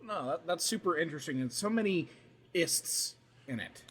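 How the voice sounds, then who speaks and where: Bit higher guy cracking jokes and swearing on a podcast, super animated. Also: slightly rough. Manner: jokey, profane, quick reactions. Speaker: podcast co-host. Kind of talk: casual chat.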